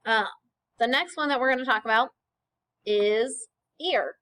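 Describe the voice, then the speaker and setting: A woman teaching Spanish in a recorded lecture over slides, explaining patiently and often checking in with a quick "okay?". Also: a little high, a bit bright, rough recording.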